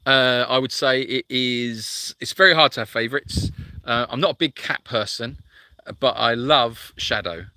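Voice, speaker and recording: A man's voice: mid-range voice, a little slow, sharp tone, no echo. A man hosting a live sanctuary chat, reading out viewer comments and answering in a chatty, rambling way full of fillers.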